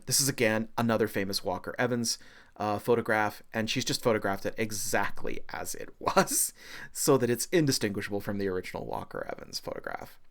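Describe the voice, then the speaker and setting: Lively low-voiced male art lecturer. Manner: animated, excitable, with frequent filler and self-deprecating jokes. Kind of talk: recorded university lecture.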